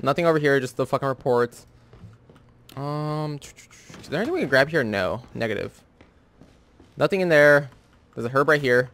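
A young man hosting a horror-game let's play in casual, profane commentary, jumpy and yelling when scared. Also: mid-range voice, lively intonation, normal speed, pauses often. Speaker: gamer, let's-play host.

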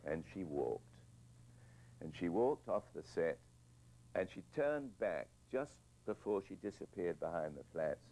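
A man's voice: low-pitched, very animated, a little slow, warm tone, poor audio. An older man, a film director being interviewed, telling reflective anecdotes with hesitant restarts and repeated words.

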